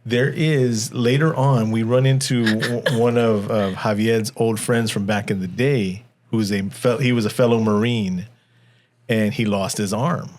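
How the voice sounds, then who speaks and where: A man's voice: fairly low pitch, fairly even intonation, measured pace, a little mellow, a little hiss or hum. Rambling male podcast co-host. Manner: rambling, stumbling restarts, laughs often. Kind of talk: casual movie review chat.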